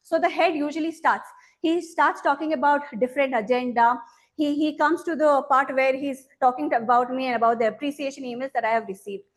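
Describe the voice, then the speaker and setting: A woman's voice: sits high, fairly even intonation, a little fast. A young woman gives a prepared storytelling speech over a video call, acting out the people she quotes. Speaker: club speaker.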